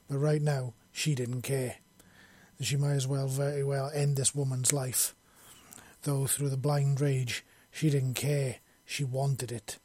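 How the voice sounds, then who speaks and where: A man's voice: mid-range voice, darkish tone, slightly rough, no room sound. A man narrating a fantasy chapter in a dramatic, vivid storytelling manner. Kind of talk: scripted fantasy audiobook narration.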